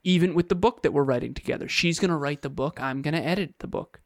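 A man's voice: a little high, quick pace, no room sound, studio quality. A man co-hosting a podcast, explaining his views in earnest, casual chat with short repeated phrases. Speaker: podcast co-host.

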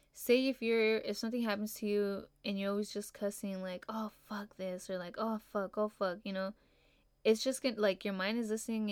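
A young woman chats through her solo podcast in a relaxed, upbeat way, leaning on "like" and "you know" as she goes. Her voice comes across smooth and clear. The recording is close and dry. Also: mid-range voice, dry recording. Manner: laid-back, upbeat, heavy on fillers like "you know" and "like". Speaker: podcast host. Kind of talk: casual solo podcast talk.

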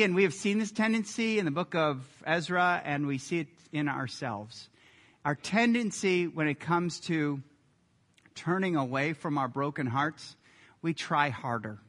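A man preaching a sermon as a pastor, earnest and emphatic, building to loud peaks. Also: a little high. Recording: echoey hall reverb.

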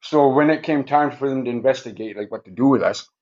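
A man of medium pitch talks fast in a slightly mellow voice on a muffled recording. He rambles through stories as a podcast guest, swearing constantly and tacking "right?" onto his sentences.

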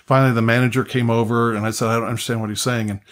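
Older guy preaching a story, earnest, keeps restarting and repeating himself, mid-pitched voice. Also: little pitch movement, very fast, fairly bright tone. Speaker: pastor. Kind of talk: sermon storytelling.

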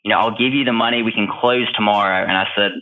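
A man's voice: on the low side, steady tone, quick pace. A man who is a guest on a podcast, telling a deal story in a casual, rambling way with lots of fillers, heard over a phone line. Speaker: podcast guest, real estate wholesaler.

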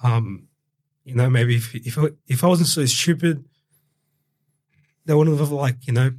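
A man's voice: medium pitch, a little slow, a little mellow. A young Australian man from Brazil, telling his story as a guest in a casual interview, rambling with heavy swearing and fillers. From Brazil, raised in Australia.

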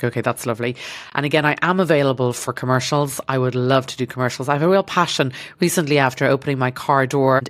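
A woman's voice: extremely low pitch, dry recording. An Irish woman hosting a podcast from a studio, talking in a rambling, self-deprecating comedic monologue that swears freely. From Ireland. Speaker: podcast host.

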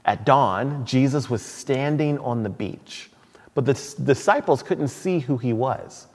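A man's voice: mid-range voice, measured pace. A man preaching a sermon in a church hall, conversational, with asides and restarts. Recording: long hall reverb.

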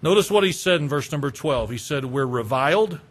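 A male preacher delivering an expository sermon, slow and emphatic, stacking repeated phrases. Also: on the high side, animated.

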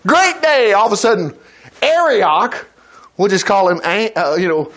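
A male preacher telling a Bible story in a folksy, animated way, acting out the characters. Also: sits high, unhurried. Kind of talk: lively storytelling sermon.

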